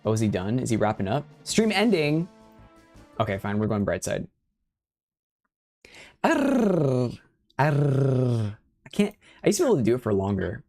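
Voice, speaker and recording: A man's voice: on the low side, expressive, racing, vocal fry, few pauses, warm tone, faint music behind. Rambling young man chatting on stream. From Spanish and Sicilian family background. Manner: rambling, chatty, with playful rolled R's and Spanish phrases. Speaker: livestreamer. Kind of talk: casual livestream chat.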